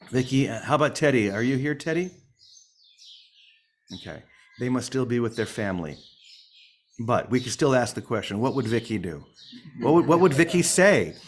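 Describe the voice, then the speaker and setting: A man's voice: medium pitch, lively intonation, normal speed, long pauses, a little hiss or hum. A man leading a morning spiritual session in a playful, humorous way, calling on listeners by name. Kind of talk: informal sermon.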